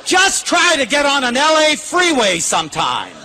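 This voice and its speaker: Older male lecturer, high and bright, very animated, acts out voices. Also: moderate pace, slight background noise. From United States. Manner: animated, acts out quoted voices, shouts for emphasis. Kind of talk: lively motivational lecture with anecdotes.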